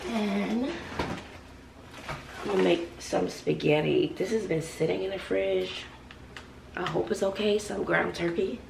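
A woman's voice: lowish voice, a little slow, creaky, long pauses, a little mellow, distant mic, slight background noise. A woman in her forties, a schoolteacher, chatting casually to viewers while cooking in her home kitchen, sassy and talkative. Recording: echoey room, voice off-mic.

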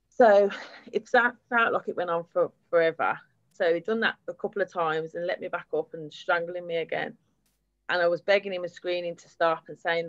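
At a public event, a woman tells her survivor story in a candid, steady way, using fillers as she goes. Her voice is fairly low and brisk, captured in lo-fi sound with no echo.

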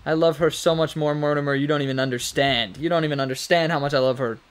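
A man's voice: a little high, steady tone, fast talker, clean tone. A man giving casual, chatty commentary on his own gameplay, talking to the game characters and laughing often. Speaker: let's play gamer.

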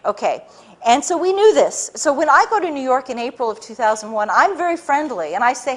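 A woman with a high, bright-sounding voice addresses a live audience. She tells her story with animation, stumbling and restarting as she goes, and acts out the voices of others. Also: sing-song, fairly quick. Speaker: public speaker.

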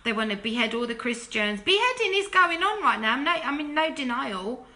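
A woman's voice: very animated, moderate pace. A woman delivering an impassioned, preachy monologue to camera, pressing her points with rhetorical questions. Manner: drops to a hushed, low plea when urging repentance. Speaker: Christian video commentator.

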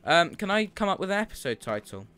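A man's voice: high voice, very animated, fast talker, bright, forceful tone, clear, resonant tone. A young man in a chatty, upbeat mood, commenting on a game as he plays and swearing freely. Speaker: streamer and host. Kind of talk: casual gameplay commentary. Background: faint game music.

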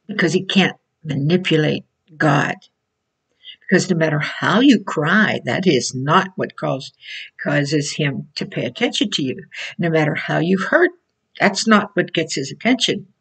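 Woman, informal sermon, slow storytelling, husky gravelly voice, far from the mic. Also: low-pitched, expressive, fairly bright tone. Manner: slow storytelling, laughs often between phrases. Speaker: Christian teacher.

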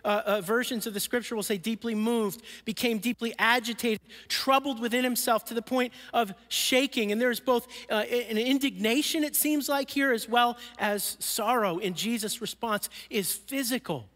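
High-voiced pastor preaching in a reverberant hall. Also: male voice. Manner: earnest, drops soft and slow for emphasis. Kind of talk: sermon. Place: church sanctuary.

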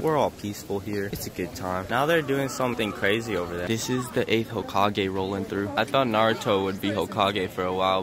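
Rambling young man vlogging on busy streets. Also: medium pitch. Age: young adult. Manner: rambling, self-mocking and chatty. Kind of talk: casual vlog. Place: busy city streets outdoors. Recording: crowded street outdoors. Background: crowd and traffic.

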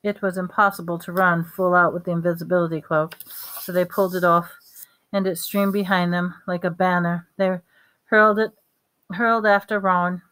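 A woman reading a novel aloud at a steady pace, with small slips and restarts. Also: lowish voice, normal speed. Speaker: reader.

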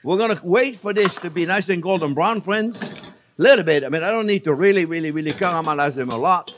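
The host is an older man from France with a French accent, cheerfully chatty as he demonstrates casual cooking, often calling viewers friends and laughing at himself. He talks briskly in a high voice over slight background noise.

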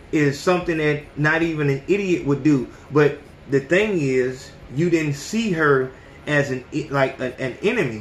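A man's voice: on the high side, reverberant, slight background noise. A man in his thirties hosting a podcast, talking bluntly and profanely in a casual, preachy monologue. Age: 30s. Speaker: podcast host.

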